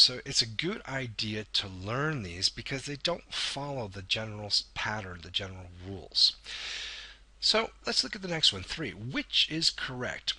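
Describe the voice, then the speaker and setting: In a recorded video lesson on English grammar, a man with a mid-range, sharp, slightly breathy voice explains things patiently. He draws out important words and sometimes corrects himself.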